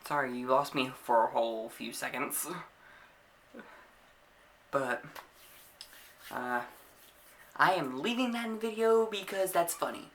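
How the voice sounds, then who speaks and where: A man's voice: medium pitch, a little slow, long pauses, fairly bright tone, a little hiss or hum. A young man vlogging a casual storytime to camera, laughing often and acting out the scenes as he tells them.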